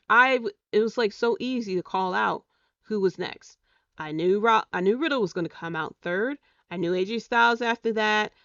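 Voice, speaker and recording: A woman's voice: mid-range voice, a bit bright, no echo, recorded from a distance, lo-fi sound. A woman hosting a solo podcast, giving a blunt, exasperated review and swearing freely. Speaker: podcast host.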